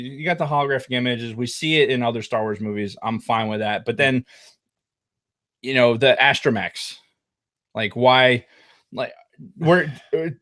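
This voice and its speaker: A man's voice: medium pitch, fairly bright tone. A man co-hosting a podcast, ranting about a movie with heavy swearing. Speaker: podcast co-host. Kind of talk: casual profane movie chat.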